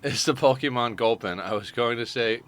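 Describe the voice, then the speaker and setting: A man's voice: mid-range voice, moderate pace, a bit bright. A sleepy man chatting casually with his livestream chat, joking and greeting viewers by name. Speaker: streamer.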